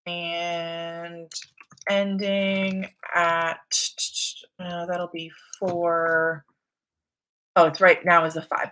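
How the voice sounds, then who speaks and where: A young woman from the States hosting a casual reading livestream, chatting easily and reading out viewers' messages. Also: on the low side. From United States. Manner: relaxed, chatty, reads chat aloud. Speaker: livestream host.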